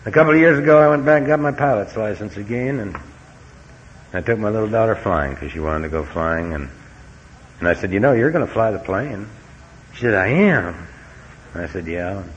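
A middle-aged man giving a folksy, earnest personal talk as a recovery meeting speaker, with wry humor. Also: on the low side. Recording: dull lo-fi recording with faint hiss.

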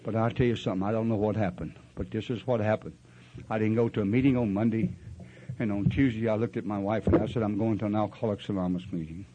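A man's voice: fairly low pitch, fairly even intonation, fast, mellow, muffled recording, a little hiss or hum. Folksy older man telling his story. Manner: rambling, folksy storytelling that acts out other voices. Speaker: speaker sharing his story at a recovery meeting. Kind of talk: storytelling share.

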